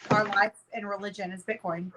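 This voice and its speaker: A woman in her thirties, a podcast guest telling a story in casual chat with a profane, animated manner. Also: mid-range voice, brisk, heavy background noise.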